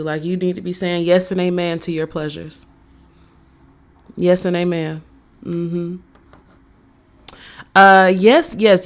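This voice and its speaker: A woman doing a live-streamed tarot reading, talking slowly with many fillers and answering chat messages. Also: fairly low pitch, a bit bright. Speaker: tarot reader.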